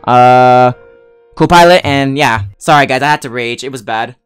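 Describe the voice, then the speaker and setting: A man hosting a casual gaming livestream on a headset mic, excitable and swearing, flipping between mock rage and cheerful chat. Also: medium pitch, moderate pace, clear, resonant tone, faint music behind. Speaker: streamer host.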